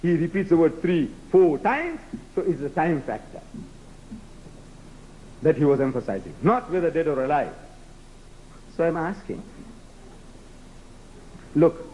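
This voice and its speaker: A man's voice: on the high side, sing-song, a little slow, long pauses, mellow, muffled recording, a little hiss or hum. A man from South Africa whose first language is Gujarati, giving a rhetorical, challenging public lecture to a live audience. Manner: rhetorical, challenging, acts out debates with mock voices.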